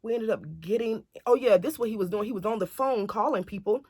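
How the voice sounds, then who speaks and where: A woman telling a family story to camera in a casual, animated way, acting out what others said. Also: a little high, quick pace, no echo, studio quality. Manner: chatty, animated retelling that acts out other people's lines.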